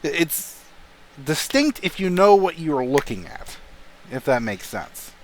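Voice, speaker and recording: A man's voice: a little high, sing-song, a little slow, slight background noise. A young adult man narrating a tabletop game as game master, casual and swearing now and then. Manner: casual, swears, laughs often.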